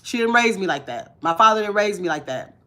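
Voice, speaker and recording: Blunt, bright-voiced woman vlogger. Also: mid-range voice, lively intonation, fairly quick. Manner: blunt, emphatic, repeats her lines. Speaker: vlogger reading live chat. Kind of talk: casual live-stream talk.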